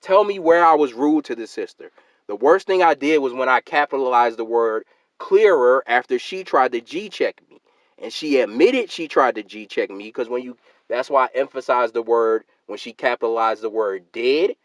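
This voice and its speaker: A man delivers a heated solo rant straight to his viewers. His voice sits at an ordinary middle pitch, and he keeps hammering and repeating his points. The sound is dry and close, with no room echo. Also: animated, normal speed. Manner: emphatic and argumentative, repeats points, calls listeners fam and sister. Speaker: YouTube channel host.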